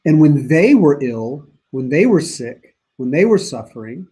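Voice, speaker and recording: A man's voice: on the high side, big pitch swings, a little slow, warm tone, husky. A man leading a church Bible study in a casual, musing way, reading scripture aloud with emphasis between his own remarks. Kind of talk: conversational Bible study teaching. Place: church meeting room.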